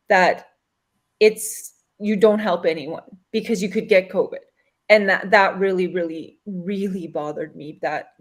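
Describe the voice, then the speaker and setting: A woman telling a personal story in a casual online talk show, earnest and laughing now and then. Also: fairly low pitch. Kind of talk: casual chat.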